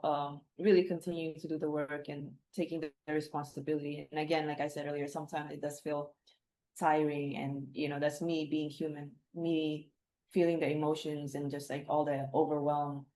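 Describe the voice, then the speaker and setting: A woman's voice: deep voice, flat delivery, normal speed, dark tone. A middle-aged woman, a guest speaking reflectively and rambling, with many fillers and restarts. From Philippines. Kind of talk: reflective casual conversation.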